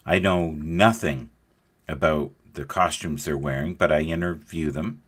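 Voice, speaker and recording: A man's voice: rumbling low, a little slow, breathy edge. A middle-aged man hosting a casual chat, telling stories and acting out the voices of the people in them. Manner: animated storyteller acting out quoted voices. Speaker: host.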